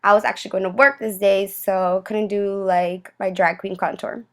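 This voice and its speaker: A woman's voice: mid-range voice, little pitch movement, moderate pace. A young woman talking through a makeup tutorial as a beauty vlogger, chatty and enthusiastic, addressing her viewers like friends.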